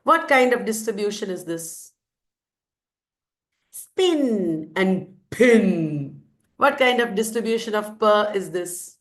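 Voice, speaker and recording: A woman's voice: mid-range voice, animated, moderate pace, few pauses, fairly bright tone. A woman teacher with an Indian English accent, quizzing her students and repeating the answers emphatically. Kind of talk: lecture with questions to students.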